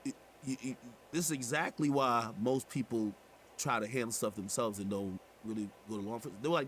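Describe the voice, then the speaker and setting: A man telling a story in casual chat as a guest, animated and indignant. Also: medium pitch, a little fast, slight background noise.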